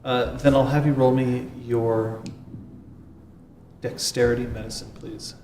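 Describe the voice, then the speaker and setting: A man narrating a tabletop game as game master, measured and dry, pausing on fillers. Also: medium pitch, level tone, warm tone. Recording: echoey room with faint noise.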